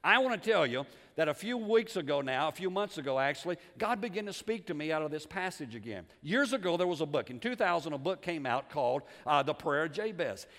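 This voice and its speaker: A man preaching a sermon as pastor, animated, moving between quiet asides and loud emphasis, repeating words and asking the congregation questions. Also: a little high, a little fast, few pauses. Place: church sanctuary. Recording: long reverb of a church hall.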